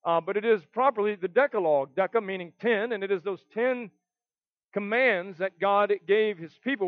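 A man's voice: high voice, dry recording, narrow, tinny audio. A man preaching a sermon, reading scripture aloud and stressing key words earnestly. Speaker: pastor.

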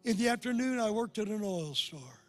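An older man preaching a sermon in a large church, telling a personal story and building to loud, impassioned climaxes. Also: high-pitched, expressive, normal speed, dry recording, soft background music. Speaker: pastor. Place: large church before a crowd.

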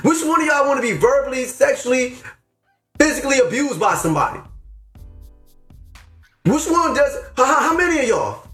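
High-pitched guy preaching hard on his podcast, slangy, upset and near tears, echoey room with faint music. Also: very animated, normal speed, pauses often, a bit bright. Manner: fervent, preachy, slangy, rising to exclamations. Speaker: podcast host. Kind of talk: impassioned faith talk.

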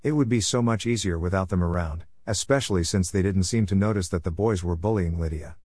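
A man reading a family story aloud in the first person, in a steady, even storytelling manner. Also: low voice, a little fast, no echo, studio quality. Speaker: audiobook narrator.

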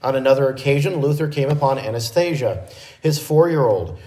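A man's voice: medium pitch, animated, brisk, dark tone. A man preaching a sermon, explaining a passage in a teaching way and often correcting himself mid-sentence. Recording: echoey room.

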